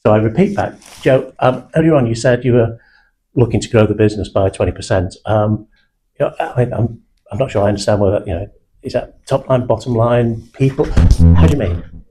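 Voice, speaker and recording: Confident Mancunian sales trainer, darker tone. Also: male voice, mid-range voice, animated, brisk, mellow, poor audio. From England (South Manchester). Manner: blunt, confident, uses British slang. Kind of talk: live sales training talk.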